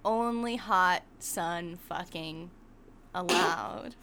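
A woman's voice: on the low side, extremely slow, sharp tone, slight background noise. A woman co-hosting a podcast in casual chat, laughing often and talking frankly and dramatically. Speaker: podcast co-host.

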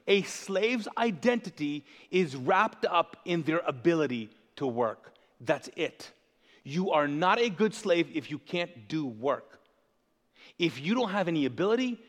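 A high-pitched man preaches a fervent sermon to his congregation. He stops again and again to have them call out the next word. His voice rings through a reverberant church hall. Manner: impassioned, asks the congregation to fill in words. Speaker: pastor. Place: church sanctuary.

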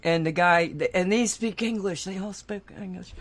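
With a lowish voice at a moderate pace, this radio co-host spins a lengthy story during relaxed banter. She's chatty and breaks into laughter frequently.

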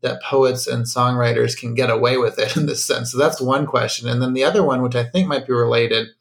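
A man hosts an interview and poses long questions at a measured pace. He often searches for his words. His voice is gravelly with a strong fry. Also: mid-range voice, steady tone. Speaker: podcast host.

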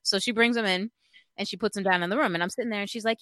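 A woman telling an animated, chatty story in casual talk, full of fillers and acted-out quotes. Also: medium pitch, racing, dry recording.

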